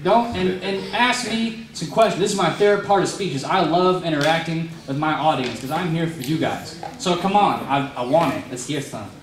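A man's voice: on the high side, normal speed, hardly any pauses. Joking young man speaking to a crowd. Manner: rambling, self-mocking, joking storyteller. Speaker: motivational youth speaker. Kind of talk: live speech with audience Q&A. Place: large room before a youth group audience. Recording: echoey room, mic at a distance, crowd noise.

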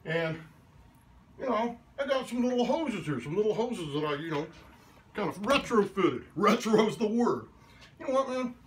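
Laid-back male painter with a fairly high voice, all slang and "babies", muttering quietly as he works in his studio. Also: sing-song, moderate pace, slight background noise. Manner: mutters quietly while working. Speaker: abstract painter. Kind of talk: casual painting demonstration.

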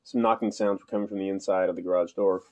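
A man's voice: sits low, steady tone, fast, dull audio. A man narrating an audiobook in a dry, understated storytelling manner. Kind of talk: scripted narration.

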